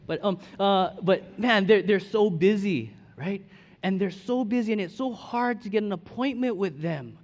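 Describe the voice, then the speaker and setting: A man's voice: sits high, normal speed. A male pastor preaching a conversational sermon full of restarts and friendly check-ins, recorded in a church hall. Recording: long hall reverb.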